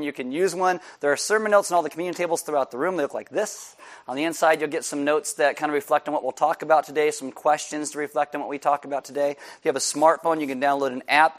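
A man's voice: fairly high pitch, fairly bright tone. A man who is a pastor, giving a casual, joking sermon that also includes announcements and a prayer. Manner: joking, chatty, self-deprecating. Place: church service.

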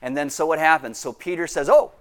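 A man preaching a sermon as pastor, animated and acting out quoted voices with big leaps in pitch. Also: fast.

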